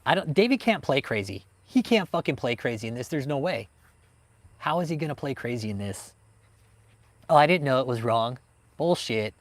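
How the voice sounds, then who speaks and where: Man, livestream host, heated profane rant, medium pitch, dry sound. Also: no echo. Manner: heated, swears constantly, talks straight to chat viewers.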